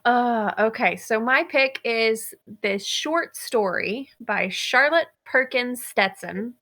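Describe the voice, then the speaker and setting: A woman's voice: fairly high pitch, slow, sharp tone. A young woman co-hosting a podcast, chatting candidly and laughing easily as she talks about a story she picked. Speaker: podcast co-host. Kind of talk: casual chat.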